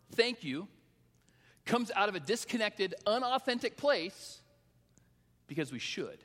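A middle-aged male pastor preaching a sermon, telling a personal story with animated voices for his children. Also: high-pitched. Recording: long hall reverb.

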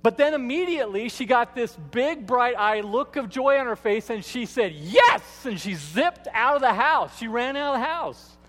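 A man's voice: extremely high pitch, animated, normal speed, hardly any pauses, fairly bright tone. A man who is the lead pastor, giving a sermon in a church with folksy, playful storytelling. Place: church sanctuary. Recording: long hall reverb.

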